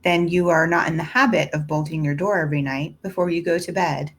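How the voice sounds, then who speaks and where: Composed middle-aged servant woman, prim and even, read by a woman with a low, husky voice. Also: brisk.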